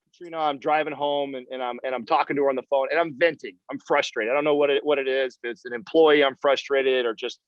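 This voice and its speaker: A man's voice: medium pitch, fairly even intonation, quick pace, dry recording, highs cut off. A man speaking as a podcast guest in casual interview talk, candid and emphatic and swearing freely.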